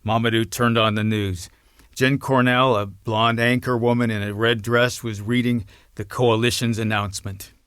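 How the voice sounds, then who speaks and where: A man narrating a novel as an audiobook in an even, understated reading. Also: mid-range voice, normal speed, clean tone, no echo, studio quality.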